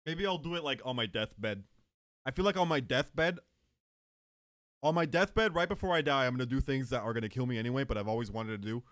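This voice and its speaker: A man's voice: medium pitch, brisk, no room sound, clean studio sound. A man streaming live, chatting casually and joking with his chat. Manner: joking, animated, talks to chat.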